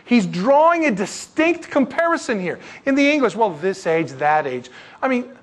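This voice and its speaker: Animated high-voiced preacher man. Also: normal speed. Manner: animated, jokey, exclaiming asides. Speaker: pastor. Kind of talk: sermon.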